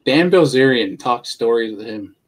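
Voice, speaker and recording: A man hosting a casual fishing podcast, laid-back and quick to laugh. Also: medium pitch, lively intonation, a little hiss or hum. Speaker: podcast host.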